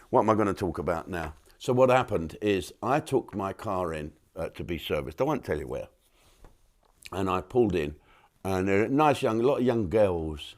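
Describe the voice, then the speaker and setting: A man hosting his own channel, talking through a rambling comic monologue with digressions and mock outrage. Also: on the low side. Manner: chatty, digressive, with frequent restarts and mock outrage.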